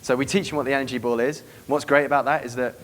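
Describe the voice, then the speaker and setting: A man giving a seminar to a live room, brisk and profane, acting out club scenes as he goes. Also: medium pitch, fairly even intonation, fairly bright tone, slight background noise. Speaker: dating coach giving a seminar. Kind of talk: live seminar talk to an audience.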